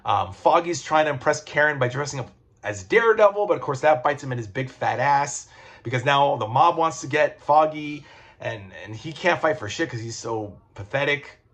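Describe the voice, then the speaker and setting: A man's voice: on the high side, lively intonation, moderate pace, fairly bright tone. A man reviewing comic books in a casual video, rambling with lots of fillers, restarts and swearing.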